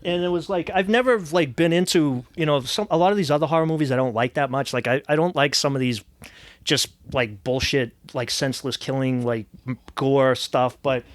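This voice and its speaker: Animated man telling stories. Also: mid-range voice, fairly quick. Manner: animated storyteller, does voices in anecdotes. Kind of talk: casual chat.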